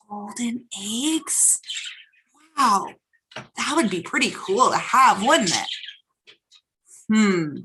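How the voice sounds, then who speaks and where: Animated woman reading a storybook. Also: on the high side, slight background noise, poor audio. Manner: animated, asks the children questions. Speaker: children's storytime host. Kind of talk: reading a picture book aloud to children.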